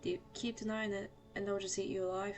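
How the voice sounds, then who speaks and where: Brief: a gruff, swaggering drifter, a woman trying a British accent. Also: medium pitch, little pitch movement, fast talker, close to an everyday voice. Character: rough male drifter who says survival of the fittest.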